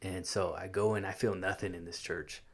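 A man with a low, gravelly voice tells a personal story in an easy, conversational way. He stumbles and repeats his words as he goes, and he acts out the lines of the people in his story. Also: flat delivery. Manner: halting, repeats words, acts out quoted speech. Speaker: guest sharing his testimony.

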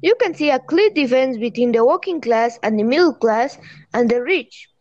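A woman's voice: a little high, lively intonation, moderate pace, darkish tone, dry recording. A woman co-hosting a scripted podcast, reading her lines plainly. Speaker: co-host. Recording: muffled lo-fi recording.

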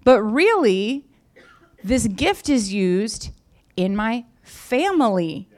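A woman's voice: fairly high pitch, very animated, very slow, a little mellow. A woman pastor giving a sermon in a conversational way, repeating key phrases for emphasis.

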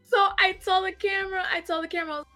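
A woman on a podcast telling a funny convention story in casual chat, animated, laughing often and acting out the people she quotes. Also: very high voice, fast talker, soft background music.

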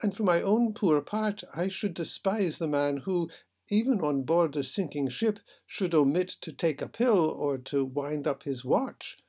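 A man with a husky voice reading the part of a calm, philosophical ship captain who reasons gently. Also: on the high side, a little slow. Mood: serene.

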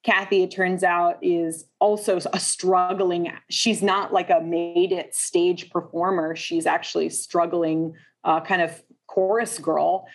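A woman's voice: on the low side, level tone, takes it slowly, hardly any pauses. Woman hosting a film discussion. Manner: thoughtful, leads with questions, frequent "uh" fillers. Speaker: podcast host.

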